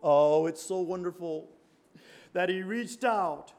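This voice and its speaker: A man preaching a fervent sermon, reading scripture and swinging from quiet murmurs to shouted praise. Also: sits high, takes it slowly. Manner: reads scripture in King James wording.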